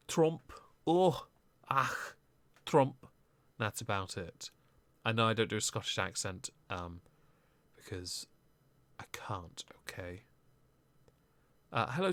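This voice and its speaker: A man's voice: fairly low pitch, bright, forceful tone, no echo. A man giving casual live-stream commentary, with sarcastic, rambling asides.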